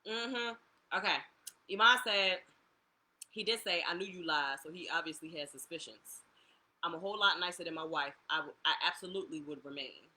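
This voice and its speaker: Very bright-voiced woman reading comments. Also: on the low side, moderate pace. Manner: questioning, reads comments aloud. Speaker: co-host reading viewer comments. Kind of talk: casual live chat.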